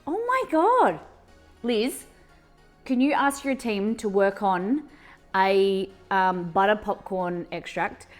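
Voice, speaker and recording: A woman's voice: mid-range voice, steady tone, slow, faint music behind. A woman hosting a live cooking stream from her kitchen. She chats casually and rambles, with lots of fillers and restarts. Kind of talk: casual chat while cooking. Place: home kitchen.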